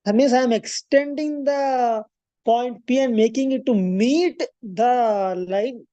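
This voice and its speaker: Woman, maths tutor, mellow voice, dry close sound, talks through steps with fillers. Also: a little high, slow, no room sound, lo-fi sound. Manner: explains step by step, thinks aloud with fillers and self-corrections. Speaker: maths coaching teacher. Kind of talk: classroom lecture at a board.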